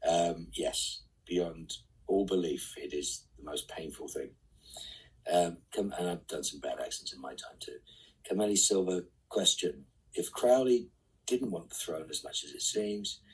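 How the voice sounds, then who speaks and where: A man's voice: low-pitched, fairly bright tone, slightly rough, recorded from a distance, rough recording. A middle-aged man reading fan questions aloud on a live stream and answering them with dry, wry quips. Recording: voice set back from the mic.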